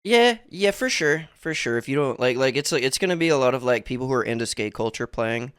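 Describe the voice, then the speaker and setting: A man's voice: mid-range voice, expressive, a little fast, fairly bright tone, smooth, no room sound, clean studio sound. A man co-hosting a casual podcast, rambling with lots of fillers and swearing. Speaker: podcast co-host. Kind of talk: casual chat.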